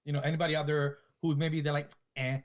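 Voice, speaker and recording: A man's voice: a little high, monotone, quick pace, highs cut off. A man in his forties co-hosting a podcast, chatting casually and rambling as he retells scenes. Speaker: podcast co-host. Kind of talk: casual chat.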